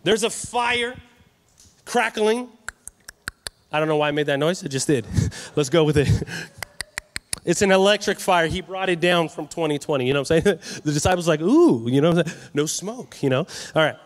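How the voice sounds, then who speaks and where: Animated high-voiced male preacher. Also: normal speed, long pauses. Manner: animated, joking with the crowd. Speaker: youth conference speaker. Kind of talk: energetic sermon. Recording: live hall reverb.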